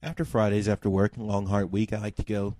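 A man co-hosting a podcast, reading a listener's email aloud with expressive emphasis, then chatting casually. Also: lowish voice, a little fast, dry recording. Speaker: podcast co-host.

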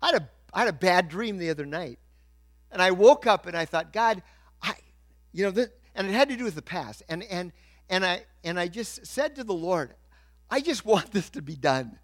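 A middle-aged male pastor preaching a sermon, swinging from quiet asides to loud, emphatic points. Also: sits high, animated, normal speed.

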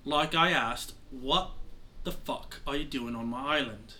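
A man's voice: medium pitch, a little slow, sharp tone, slight background noise. A man voicing a bossy, impatient male pirate mentor who scolds bluntly in a tabletop game. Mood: exasperated. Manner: blunt, scolding, calls others brat and child.

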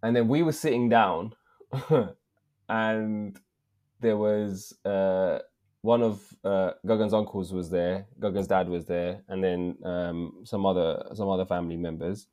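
In casual podcast chat, an English co-host in his thirties spins a story packed with slang. His deep voice moves at an unhurried pace, but he stays animated, using "bruv" again and again.

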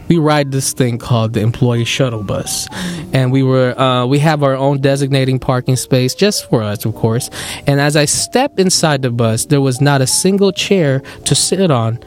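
A man with a Filipino accent hosting a podcast, telling a story in a casual, animated way and jumping into high excited voices for the people he quotes. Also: moderate pace, soft background music. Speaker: podcast host.

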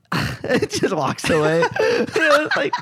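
A man co-hosting a casual podcast, telling a story with wry, deadpan asides. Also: extremely high pitch, very slow, no room sound. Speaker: podcast co-host.

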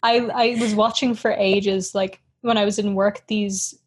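A woman's voice: mid-range voice, fairly even intonation, unhurried, husky. A woman co-hosting a podcast in a casual chat, giggly and rambling, often poking fun at herself. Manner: giggly, rambling, self-mocking. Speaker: podcast co-host.

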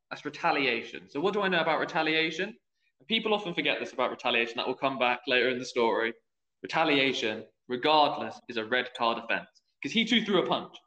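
A man's voice: mid-range voice, sharp tone. A young man, a youth football referee, telling a story in casual podcast chat and acting out the quoted voices. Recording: echoey room, dull lo-fi sound.

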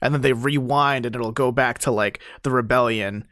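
A man in a casual game discussion, excitable, laughing often and swearing now and then. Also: medium pitch, moderate pace, no echo, studio quality.

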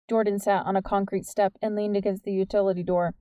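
A woman narrating a young adult novel as an audiobook in a steady, measured way. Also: mid-range voice, no echo, dull audio. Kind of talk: scripted narration.

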